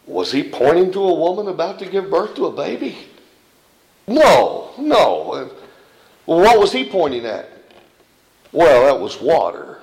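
Preacher in an echoey room. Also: male voice, mid-range voice, big pitch swings, a little slow. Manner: storytelling, acting out quoted voices. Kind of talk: sermon.

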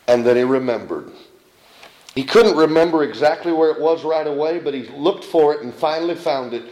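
Preacher in an echoey room. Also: male voice, fairly high pitch, moderate pace, darkish tone. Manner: storytelling, acting out quoted voices. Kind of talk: sermon.

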